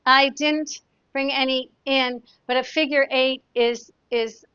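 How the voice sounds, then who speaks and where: A woman's voice: high voice, fairly even intonation, slow, sharp tone, clean tone, no echo. A woman therapist talking in a chatty, casual teaching way, demonstrating exercises and telling anecdotes. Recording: dull, dry lo-fi sound.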